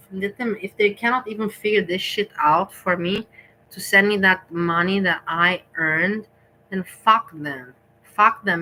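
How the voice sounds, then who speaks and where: Woman, streamer, frustrated, swearing, sharp bright tone. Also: on the low side, a little hiss or hum, low-quality recording. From Europe. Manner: frustrated, ranting, heavy swearing. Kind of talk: reaction livestream rant.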